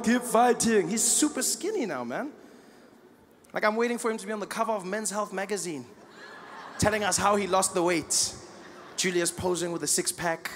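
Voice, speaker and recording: A man's voice: high-pitched, fairly bright tone. A stand-up comedian from South Africa in his thirties, telling stories animatedly and acting out voices and siren noises at a live show. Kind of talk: stand-up routine. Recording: live show in a large reverberant hall with audience noise.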